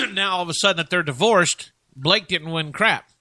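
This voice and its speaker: Rambling bright-voiced male radio host. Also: sits high, moderate pace, no room sound. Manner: rambling, filler-heavy, joking. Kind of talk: casual radio chat.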